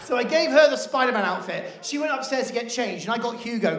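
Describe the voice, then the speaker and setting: Animated English comedian in a roomy theatre. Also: male voice, very high-pitched, fast, few pauses. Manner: animated storytelling, shouting punchlines and acting out characters. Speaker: stand-up comedian. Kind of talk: stand-up comedy. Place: theatre stage before a laughing audience. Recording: roomy theatre with crowd laughter.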